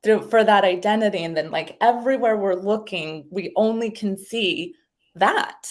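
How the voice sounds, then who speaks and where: A woman talking as a guest, explaining ideas in a casual, animated way and acting out little voices as she goes. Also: medium pitch, moderate pace. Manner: animated, acts out little voices in her stories. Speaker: guest speaker explaining identity.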